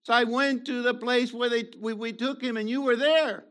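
A man preaching a sermon in an animated way, swinging between loud emphasis and quiet asides, with playful remarks along the way. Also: very high-pitched, moderate pace.

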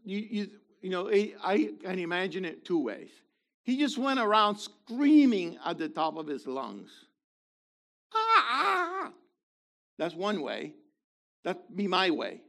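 A man preaching a sermon in an animated way, swinging between loud emphasis and quiet asides, with playful remarks along the way. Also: sits high, measured pace.

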